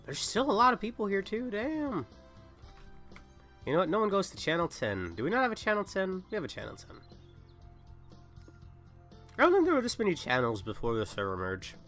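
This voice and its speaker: A man's voice: sits high, wildly swooping pitch, a little fast, pauses often, a bit bright, soft background music. A young man who is sick, chatting casually and rambling while livestreaming a game. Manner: rambling, self-interrupting. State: sick, coughing. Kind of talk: casual gaming livestream chat.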